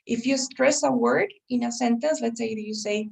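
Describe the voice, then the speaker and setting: A woman's voice: a little high, normal speed, vocal fry, a little mellow. A woman teaching an English test-prep class, explaining patiently and checking in with her students often. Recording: voice a little far from the mic.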